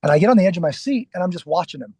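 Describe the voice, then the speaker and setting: A middle-aged man, a guest on a podcast and a security trainer, telling stories in a casual, animated way, acting out quoted lines and often restarting his sentences. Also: sits high, rapid-fire, husky, dry recording. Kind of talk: casual interview storytelling.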